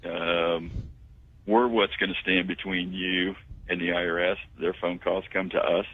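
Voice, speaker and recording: A man, a tax firm owner, pitching his services confidently as a guest phoning into a radio talk show. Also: flat delivery, unhurried. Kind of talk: radio phone-in interview. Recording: tinny phone line.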